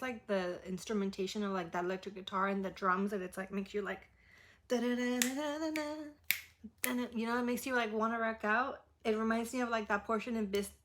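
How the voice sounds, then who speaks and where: A woman's voice: mid-range voice, a bit bright, a little hiss or hum. A young woman hosting a music reaction video, talking casually with lots of fillers and humming guitar riffs. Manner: rambling, filler-heavy, hums riffs aloud. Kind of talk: casual chat.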